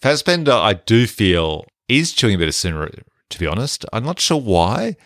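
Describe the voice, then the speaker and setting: Male podcast co-host, very deep voice, dry studio sound. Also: dry recording. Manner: relaxed, conversational, hands out mock awards. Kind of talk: casual film-review chat.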